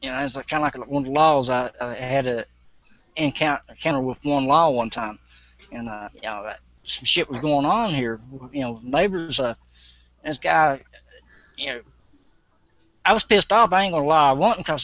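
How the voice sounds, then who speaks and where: A man telling a story in a profane, animated way, acting out both sides as he goes. His voice is a bit high for a man. The sound is dry and dull, like a lo-fi recording. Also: no room sound. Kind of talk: casual storytelling.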